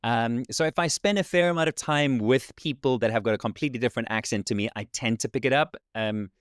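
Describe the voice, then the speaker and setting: A South African man with a slight American Southern twang, a podcast guest telling his story in a relaxed, reflective way over a video call. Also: mid-range voice, quick pace, smooth, no room sound, clean studio sound. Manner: reflective storyteller, warm thanks, laughs often. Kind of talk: casual interview chat.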